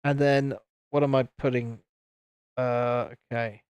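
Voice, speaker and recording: A man's voice: medium pitch, little pitch movement, slow, clear, resonant tone, no room sound, dull audio. A man from the UK hosting a casual livestream, chatting and reading out viewer comments while he builds a model. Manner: chatty, reads out viewer comments, chuckles often. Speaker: livestream host.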